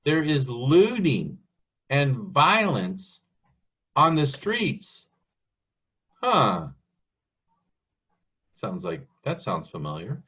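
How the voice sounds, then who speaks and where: A male preacher gives a sermon slowly and carefully. His voice is a little husky, and his pitch rises and falls a lot as he reads and explains scripture. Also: sing-song, fairly bright tone. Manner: slow, earnest, asks the listener questions. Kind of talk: sermon, Bible teaching.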